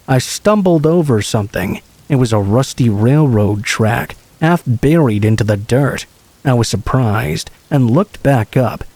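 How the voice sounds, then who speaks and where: A man calmly reading true scary stories aloud as a steady, scripted horror narration. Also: medium pitch, no echo.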